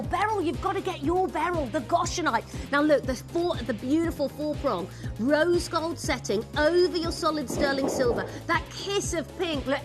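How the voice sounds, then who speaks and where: A woman presenting jewelry on a live shopping channel, chatty and gushing as she greets viewers by name. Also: high voice. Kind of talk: live jewelry sales pitch. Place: television studio.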